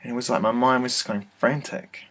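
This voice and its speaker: A man telling a personal story to his webcam in an office, hesitant and soft-spoken, full of fillers and restarts. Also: medium pitch, fairly even intonation, brisk. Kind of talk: casual first-person testimony. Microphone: computer webcam mic.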